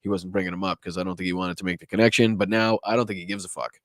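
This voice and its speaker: A man with a Boston accent hosts a live political stream in a swearing, sarcastic, rambling style. His voice sits fairly low and sounds close and dry, with almost no room around it. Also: fairly even intonation, racing, no echo. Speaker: political commentary host.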